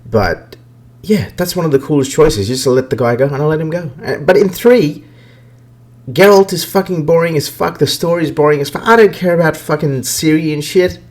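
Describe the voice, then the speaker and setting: A podcast host rants bluntly about video games, swearing freely in casual talk. He speaks briskly with a fairly high-pitched voice.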